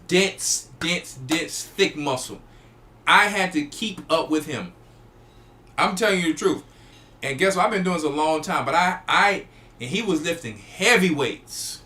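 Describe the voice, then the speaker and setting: A man's voice: on the high side, expressive, unhurried, bright, forceful tone. A man, a church elder hosting a show, preaching emphatically and repeating phrases. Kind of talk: preaching talk to a live audience.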